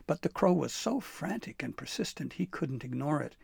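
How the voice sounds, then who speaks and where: Guy reading a kids story, super gravelly and husky, dry close mic. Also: on the high side, normal speed, dry recording. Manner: expressive, dramatic read-aloud. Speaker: narrator. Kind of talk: storybook narration.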